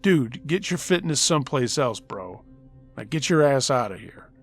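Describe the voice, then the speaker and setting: A man's voice: mid-range voice, sing-song, normal speed, faint music behind. A man voicing a streetwise young passenger who mocks in laid-back slang. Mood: mocking.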